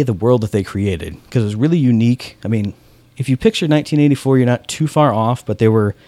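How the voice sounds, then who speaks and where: Recorded dry, a man with a lowish, mellow voice hosts a podcast in a relaxed, chatty way. He's full of enthusiasm, leans hard on "like," and voices the characters' lines as he tells his stories.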